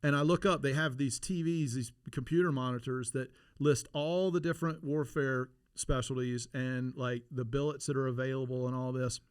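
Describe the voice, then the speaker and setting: A middle-aged man telling stories in a casual interview, animated and laughing, with many restarts. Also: mid-range voice, moderate pace, few pauses, clear, resonant tone, dry recording, clean studio sound. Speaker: podcast guest, former Navy SEAL.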